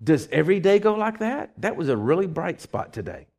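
Male preacher, animated, folksy storyteller, wide pitch swings. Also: fairly quick. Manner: animated storytelling, acts out voices; folksy, conversational. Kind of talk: sermon.

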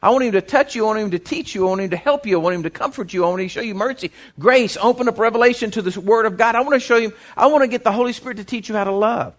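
A man's voice: high-pitched, rapid-fire, few pauses. A man preaching a folksy sermon, often repeating words as he goes. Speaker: pastor.

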